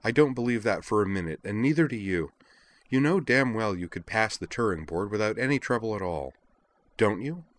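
A man's voice: lowish voice, lively intonation, brisk, pitched above the performer's own voice, close to an everyday voice. A man doing a fiery, scolding young woman. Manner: heated, scolding. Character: angry, forceful young woman confronting a friend.

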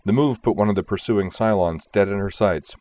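Reading a space adventure audiobook, this very deep-voiced man keeps his narration even and steady, never rushing.

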